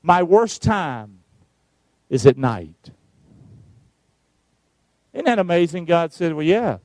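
A middle-aged man preaches with emphatic, call-and-response energy. His voice sits high for a man. The sound is close and dry, with no room around it. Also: big pitch swings, takes it slowly, darkish tone, dry recording. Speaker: pastor. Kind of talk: sermon.

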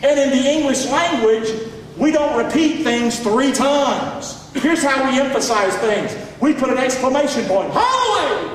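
A man pastor preaching a sermon to his congregation, calling for responses and swinging between loud shouts and low asides. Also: unhurried, slight background noise. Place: church sanctuary. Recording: echoey hall, mic far off.

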